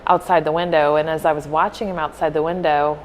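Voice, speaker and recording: A woman with a slightly low voice tells a story on a podcast in an earnest, heartfelt way. Her tone stays casual and she softly acts out what people said. Faint ambience sits behind her. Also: fairly even intonation, fast, slight background noise, poor audio. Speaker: podcast co-host.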